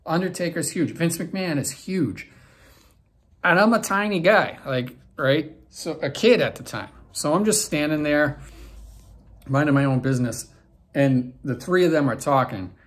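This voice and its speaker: A man's voice: on the high side, a little slow. Guy in his 40s rambling through an old story, lots of ums and restarts, casual vlog chat. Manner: rambling, many fillers and restarts. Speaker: vlog host.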